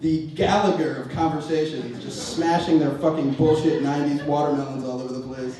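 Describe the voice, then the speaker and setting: A man's voice: fairly high pitch, fairly even intonation, fairly quick, few pauses, a crowd in the background. A young man doing a rambling, self-mocking stand-up comedy set on stage in front of a live audience. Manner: rambling, self-mocking, acts out voices of others. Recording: echoey distant room recording, noisy.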